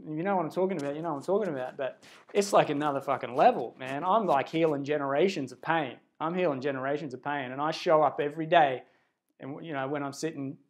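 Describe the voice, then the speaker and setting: A man giving a livestreamed spiritual pep talk into a phone camera, earnest and rambling, swinging between hushed and loud, blunt and casually profane. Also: on the high side. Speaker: spiritual self-help speaker.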